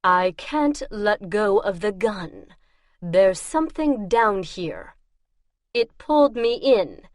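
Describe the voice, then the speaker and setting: A woman's voice: medium pitch, sing-song, takes it slowly, dry recording, studio quality. Tense, commanding man giving urgent orders, voiced by a woman narrator. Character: tense man trapped below, commanding, controlled.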